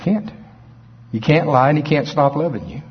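A man preaching a sermon in a folksy, animated way, acting out scripture scenes in different voices. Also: on the high side, moderate pace, slightly rough. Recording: dull lo-fi recording.

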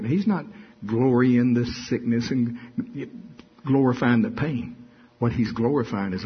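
A man preaching a sermon in a lively way, acting out quotes and stories as he goes. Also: mid-range voice, moderate pace, breathy edge, highs cut off. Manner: lively preaching, acts out quotes and hums a tune. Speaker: pastor.

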